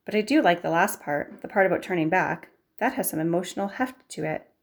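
A woman's voice: lowish voice, lively intonation, fairly quick. A woman voicing a precocious boy who speaks in a frank, matter-of-fact way. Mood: blunt.

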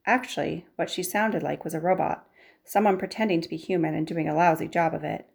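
A woman narrating a novel aloud in a measured storytelling manner. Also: low voice, steady tone, creaky, a little mellow. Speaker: audiobook narrator. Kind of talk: scripted narration.

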